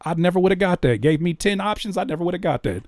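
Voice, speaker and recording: A man hosting a casual reaction commentary, talking in an animated, incredulous way that jumps high when he is baffled. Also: quick pace, very noisy. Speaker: reaction video host.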